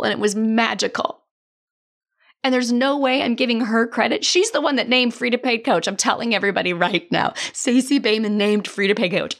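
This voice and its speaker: A woman's voice: a little high, a bit bright. A woman hosting a solo coaching podcast, talking earnestly with a strained, worn voice. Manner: earnest, emotional, talks through tears at times. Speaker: podcast host and business coach.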